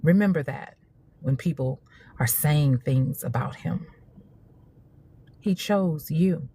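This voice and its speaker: Woman, forties, lowish voice, emphatic casual monologue with laughs. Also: slow pace, slight background noise. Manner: animated, laughing, emphatic repetition. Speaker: social media host.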